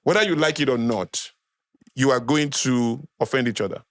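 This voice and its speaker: A man's voice: medium pitch, normal speed, no echo, studio quality. A man with a Nigerian accent, a podcast guest lecturing in a conversational way, repeating key phrases for emphasis. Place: podcast studio.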